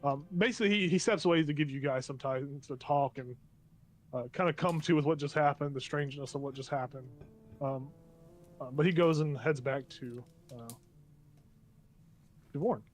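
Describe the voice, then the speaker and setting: A man's voice: fairly high pitch, moderate pace, pauses often, soft background music. A man running a tabletop game as game master, describing scenes in a loose, meandering way.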